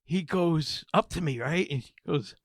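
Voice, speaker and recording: A man's voice: a little high, moderate pace, no echo, clean studio sound. A man co-hosting a comedy podcast, telling a rambling, profane story in casual chat. He is in his forties. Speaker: podcast co-host.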